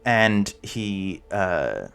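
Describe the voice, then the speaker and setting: Male tabletop game master; low, slow, halting narration. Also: big pitch swings, gravelly, fairly bright tone, clear, resonant tone, faint music behind. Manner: halting, searching for words.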